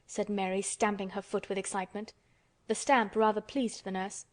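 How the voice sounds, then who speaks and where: A woman narrating an audiobook in a steady, measured way. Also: medium pitch. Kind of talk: scripted narration.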